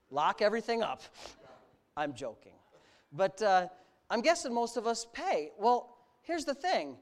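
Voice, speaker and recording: A male pastor preaching a sermon, animated, building his points through long repeated lists. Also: high-pitched.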